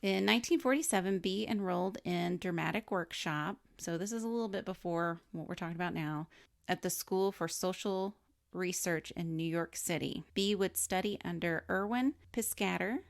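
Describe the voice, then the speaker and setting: A woman's voice: lowish voice, moderate pace, vocal fry, dry recording, studio quality. A woman co-hosting a film podcast, reading through a celebrity's life story in casual chat and laughing often. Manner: reads notes on a celebrity's life, chatty and laughing. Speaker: podcast co-host.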